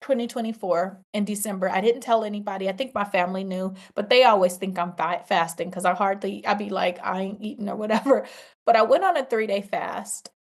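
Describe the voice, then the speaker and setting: A woman's voice: medium pitch, fairly quick. A woman hosting a podcast, giving a faith testimony and talking straight to her listeners, emphatic and repeating her key phrases like a preacher. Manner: talks straight to listeners, addressing them as y'all. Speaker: podcast host.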